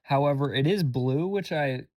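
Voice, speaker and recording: A young man hosting a solo podcast while sick, hoarse and rambling in casual chat, full of fillers and self-deprecating asides. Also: medium pitch, normal speed, a little mellow, no echo. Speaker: podcast host.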